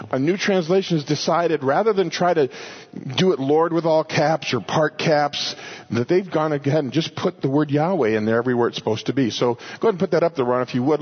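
A man preaching a sermon, explaining Bible verses and paraphrasing scripture aloud, at times loud and at times quiet. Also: fairly high pitch, slightly rough, muffled recording. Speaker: pastor teaching a Bible study.

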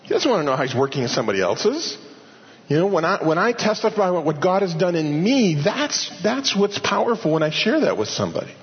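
A man's voice: sits high, very animated, a little fast, in a large hall, muffled recording. A man preaching a verse-by-verse sermon in a conversational way, often repeating phrases and asking and answering his own questions. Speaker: pastor. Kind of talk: expository sermon.

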